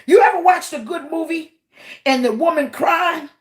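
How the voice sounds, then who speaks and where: A woman pastor, preaching a livestreamed sermon, often shouting and punctuating her lines with "uh" and "huh". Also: very high voice, normal speed. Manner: shouting, preaching with rising intensity and "uh" and "huh" fillers.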